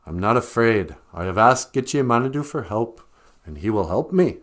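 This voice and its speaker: A man's voice: lowish voice, animated, moderate pace, a bit bright. A man voicing a stubborn, self-righteous male rabbit stuck in a snare, pleading and indignant.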